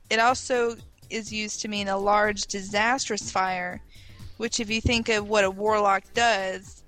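A woman co-hosts a laid-back gaming podcast, explaining word meanings patiently and teasing her partner a little. Soft music runs faintly underneath. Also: medium pitch, low-quality recording. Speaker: podcast co-host. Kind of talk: casual gaming podcast chat.

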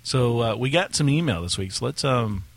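A man's voice: medium pitch, animated, normal speed, a little hiss or hum. A man co-hosting a casual gaming podcast, rambling with restarts and reading out a listener email. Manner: rambling, restarts, laughs, then reads dramatically. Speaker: podcast co-host.

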